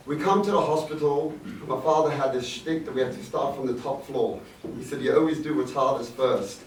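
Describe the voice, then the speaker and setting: A middle-aged rabbi tells a warm, reflective anecdote to an audience in an event hall, sprinkling in Yiddish words. His mid-pitched voice is off-mic, so the recording is echoey and distant, with faint noise.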